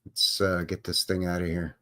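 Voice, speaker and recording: A man's voice: deep voice, level tone, normal speed, sharp tone. A man with a Canadian accent hosting a live stream, chatting casually in a joking, rambling way full of folksy slang. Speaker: host.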